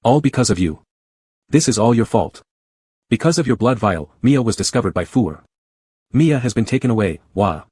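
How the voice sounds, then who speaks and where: A man voicing an emotional teenage boy raised in a shelter who bursts out yelling and crying, in an audiobook. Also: fairly low pitch, animated, normal speed, long pauses, slightly rough, no echo. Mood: furious tearful.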